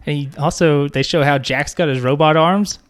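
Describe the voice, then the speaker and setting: Enthusiastic man trading deadpan jokes. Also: on the high side, moderate pace, clear, resonant tone. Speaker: podcast co-host. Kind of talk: casual banter.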